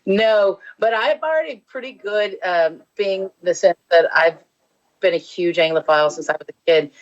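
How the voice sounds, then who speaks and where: A woman's voice: on the low side, moderate pace, dull audio. A woman from Texas with a Texan accent, telling travel stories as a guest in a casual interview, chatty and bubbly, with lots of fillers and restarts. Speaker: musician guest.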